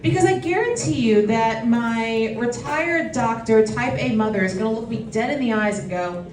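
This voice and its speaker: A woman's voice: on the high side, moderate pace, a little hiss or hum. Self-deprecating woman stand-up comic. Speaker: stand-up comedian. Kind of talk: stand-up comedy set. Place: comedy show in a bistro. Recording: echoey room from a distance, loud crowd.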